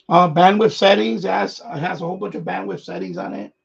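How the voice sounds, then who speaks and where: A man's voice: high voice, big pitch swings, quick pace, gravelly, husky, dull audio. A man hosting a radio hobby live stream, chatting casually in a rambling way, repeating himself and chuckling often.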